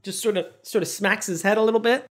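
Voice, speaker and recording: A podcast co-host chatting casually, retelling scenes with lively, animated delivery and some casual swearing. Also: mid-range voice, fast. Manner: animated storytelling, acting out quoted lines. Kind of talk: casual chat.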